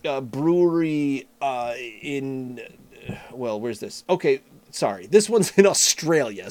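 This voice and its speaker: A middle-aged man from Canada co-hosting a casual beer-tasting chat, animated and self-deprecating, with vivid comparisons. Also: medium pitch. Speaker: podcast co-host reviewing beers.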